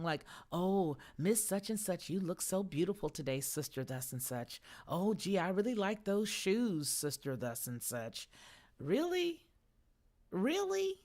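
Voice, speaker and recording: Woman host, middle-aged, low voice, casual emphatic live-stream talk with viewers. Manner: conversational, emphatic, answers viewer comments.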